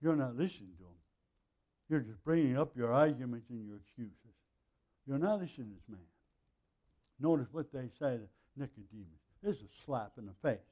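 A middle-aged man teaching a Bible passage verse by verse in a conversational way, with frequent throat clearing and asides. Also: medium pitch, animated, a little fast, dark tone.

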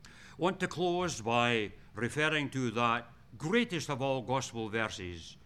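Male preacher, sermon, earnest storytelling, bright tense voice, stumbles and repeats words. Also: mid-range voice, expressive, takes it slowly, clean tone. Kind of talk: sermon with personal stories.

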